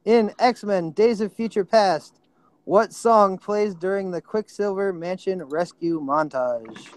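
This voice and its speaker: A man hosting a trivia tournament, reading out questions and reacting with excitement to answers. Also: high-pitched, takes it slowly. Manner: excitable, apologetic about slips. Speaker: quiz host.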